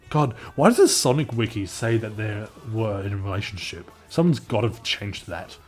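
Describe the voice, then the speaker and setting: Laid-back low-voiced man joking over comics. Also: animated, normal speed, hardly any pauses, slightly rough, faint music behind. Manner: laid-back, joking, says dude a lot. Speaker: video host. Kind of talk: casual comic read-along commentary.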